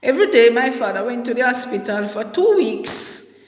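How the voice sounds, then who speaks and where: A woman telling a personal story in a halting, soft-spoken way, often repeating her words. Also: on the high side, very animated, slight background noise. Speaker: vlogger. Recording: echoey room with long reverb.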